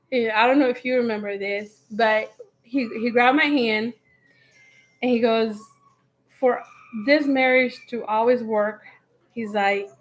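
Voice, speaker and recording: A woman telling a story from her marriage in a live Q&A, animated and acting out both sides of a quarrel with laughs. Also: on the high side, poor audio.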